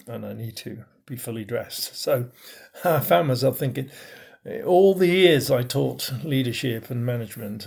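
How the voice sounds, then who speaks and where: A middle-aged man, a bishop, giving a recorded teaching talk on communication, stressing key words with pauses and swings in loudness. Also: medium pitch, gravelly, breathy edge.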